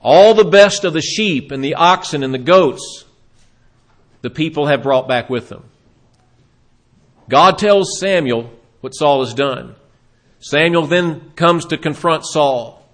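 A man delivering a sermon in a fairly high voice. He retells scripture stories with drama and briefly acts out the people in them. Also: slow pace, pauses often. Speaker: preacher.

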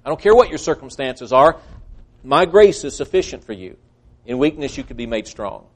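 A man's voice: mid-range voice, very animated, moderate pace. A male preacher giving a sermon, earnest and emphatic, quoting scripture at length.

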